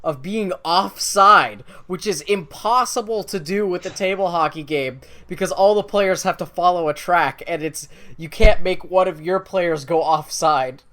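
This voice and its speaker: A man co-hosting a podcast in casual chat, relaxed and wry, explaining at length. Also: sits high, unhurried, few pauses. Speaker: podcast co-host.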